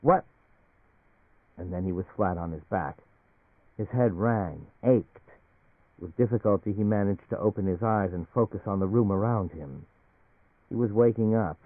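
A man narrating a novel in a measured, even storytelling manner. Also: on the low side, no echo. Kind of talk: audiobook novel reading on radio. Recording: tinny dry radio broadcast.

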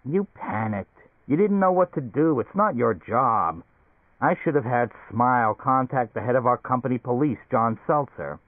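A man's voice: medium pitch, expressive, moderate pace, no echo, natural voice. A man voicing a pushy, blustering middle-aged male company boss in an audiobook, talking insistently and hectoring. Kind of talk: audiobook character voice. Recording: tinny narrow-band recording, dry.

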